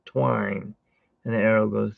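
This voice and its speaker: Very gravelly, tired man on a tinny line. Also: on the low side, flat delivery, a little slow, no room sound. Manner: rambling storyteller, hums while working. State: tired from little sleep. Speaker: artist hosting a live drawing stream. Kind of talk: casual live-stream chat while drawing.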